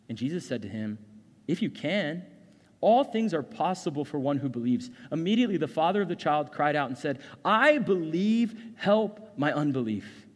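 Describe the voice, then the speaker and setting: Male pastor, 30s, conversational sermon delivery, long hall reverb. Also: mid-range voice. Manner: earnest, conversational, frequent "right?" and "um".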